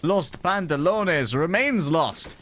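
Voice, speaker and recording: A man casting an esports match with quick, playful play-by-play commentary. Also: fairly high pitch, lively intonation, fairly bright tone, slight background noise. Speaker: esports caster.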